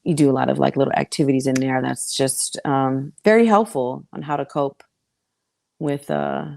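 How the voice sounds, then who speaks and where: Woman, podcast guest, gravelly, animated, slangy and profane. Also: extremely low pitch, normal speed. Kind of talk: casual podcast chat.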